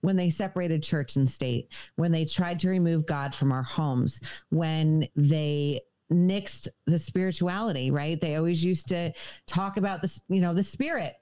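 A woman's voice: deep voice, measured pace, mellow. A woman, a podcast guest, talking earnestly in casual chat and chiming in on her husband's story.

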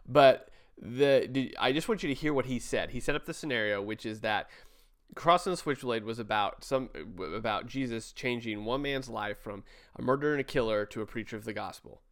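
A man's voice: medium pitch, brisk. Man critiquing a sermon, conversational. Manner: conversational, critical, with restarts and asides. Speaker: sermon reviewer. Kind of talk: casual commentary over a played sermon.

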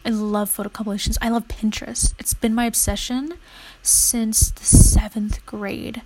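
A woman's voice: fairly high pitch, flat delivery, moderate pace, background noise. A young woman vlogging casually while studying, rambling and chatty, now and then murmuring her notes half under her breath.

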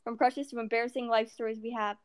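A woman's voice: fairly high pitch, flat delivery, quick pace, clean tone. A teenage girl co-hosting a podcast, chatting casually, giggly and rambling, stumbling over her words. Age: teens. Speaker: podcast co-host. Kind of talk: casual chat.

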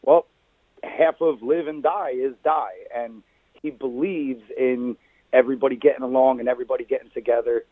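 A man's voice: mid-range voice, fairly even intonation, normal speed, no room sound. Man on a tinny phone line. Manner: opinionated, folksy sayings, calls others brother. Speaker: guest. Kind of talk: casual sports talk.

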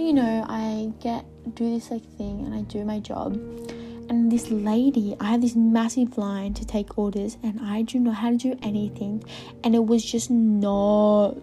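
Young woman rambling thru a podcast story, mellow kinda dark tone, lots of likes, goes whispery sometimes, faint music behind. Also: medium pitch. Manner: rambling, filler-heavy, drops to whispers. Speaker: podcast host. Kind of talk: casual storytelling monologue.

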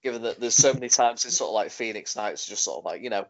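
A man's voice: lowish voice, quick pace. A man co-hosting a podcast in casual chat, rambling with lots of "sort of, like" fillers. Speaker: podcast co-host. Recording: dull lo-fi podcast audio.

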